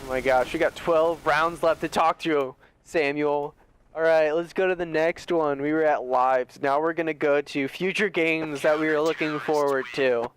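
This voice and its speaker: A man with a somewhat high voice chats casually on a gaming podcast while he plays. He tells his stories with animated energy. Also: moderate pace, a little hiss or hum. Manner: animated storyteller who acts out shouted quotes. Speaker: podcast co-host. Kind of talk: casual gaming chat over gameplay.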